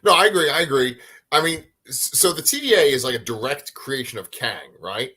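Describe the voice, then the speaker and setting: A man co-hosting a live review show from a home bedroom over a video call, talking in a casual, animated way and swearing now and then. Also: mid-range voice, fairly quick, husky. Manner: animated, swears casually, tries silly voices. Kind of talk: casual chat.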